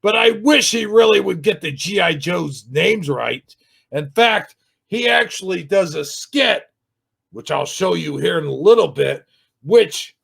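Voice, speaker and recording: A man reviewing another YouTube channel in an angry, sarcastic rant, swearing and shouting often. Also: sits high, creaky, slightly rough. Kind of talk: ranting video commentary.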